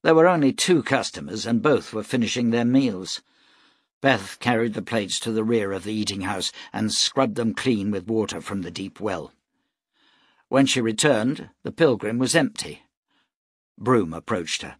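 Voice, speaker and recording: Husky low-voiced male audiobook narrator. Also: measured pace, dry recording, clean studio sound. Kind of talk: scripted narration.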